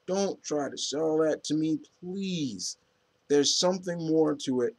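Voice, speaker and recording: A man's voice: on the high side, animated, takes it slowly. A man giving a casual spoken review of comics in a rambling, opinionated, fan-like way.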